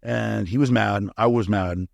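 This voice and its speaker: A man's voice: fairly low pitch, steady tone, a little slow, creaky, no echo. A middle-aged man as an interview guest, telling candid, profane stories and acting out the dialogue. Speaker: guest, supplement company founder. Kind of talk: casual interview storytelling.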